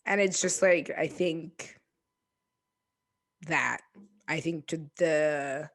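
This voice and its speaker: A woman in her twenties, an interview guest, talking reflectively and hesitantly with many pauses and restarts. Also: sits low, a bit bright. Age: 20s. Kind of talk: reflective casual conversation.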